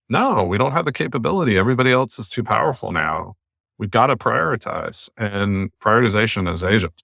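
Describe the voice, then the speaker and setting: An American podcast host argues bluntly and emphatically in long runs over a remote call, in an opinionated, casual style. His voice is lowish and a bit bright, with vocal fry. The recording is studio quality, without echo.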